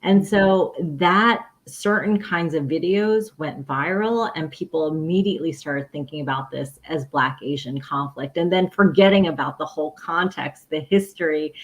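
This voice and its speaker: A woman's voice: deep voice, lo-fi sound. A woman speaking earnestly as a panelist in a discussion, her voice thick with feeling. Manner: earnest, becomes emotional while speaking.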